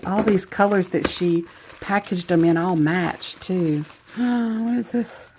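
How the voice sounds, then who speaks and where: A woman's voice: on the low side, fairly even intonation, slow pace, a little mellow. A woman with a Southern US accent chatting casually as she opens a craft gift package, gushing and laughing at herself. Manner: gushing, self-deprecating, chatty. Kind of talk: casual unboxing chat.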